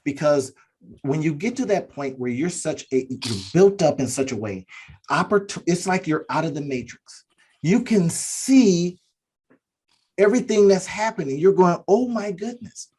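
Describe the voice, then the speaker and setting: A man's voice: on the high side, expressive, normal speed, a little mellow, slightly rough. A man co-hosting a business podcast, giving an earnest motivational talk that keeps repeating its key phrases. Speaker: podcast co-host.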